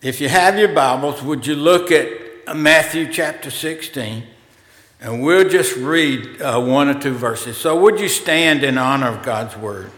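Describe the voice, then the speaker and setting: A man preaching a sermon as pastor, in a slow, conversational way with pauses and fillers, in a church sanctuary. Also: medium pitch, fairly bright tone. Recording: roomy hall reverb.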